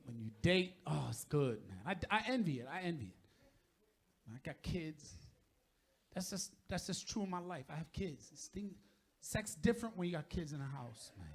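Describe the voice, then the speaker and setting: A middle-aged man doing a stand-up comedy set on stage, profane and shouting out his punchlines. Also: on the high side, expressive, normal speed, breathy edge.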